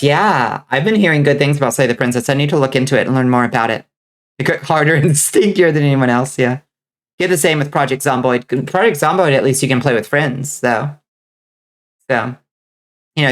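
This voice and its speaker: A woman streamer chatting casually with her viewers, joking, laughing often and answering chat. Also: a bass voice. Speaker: vtuber streamer.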